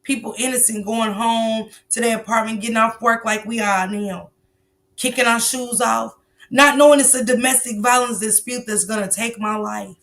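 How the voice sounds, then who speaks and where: A woman's voice: a little high, steady tone, normal speed, fairly bright tone. A woman hosting a casual livestream, commenting bluntly on a clip and preaching a lesson, swearing freely. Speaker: livestream host. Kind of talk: casual commentary on viral clips.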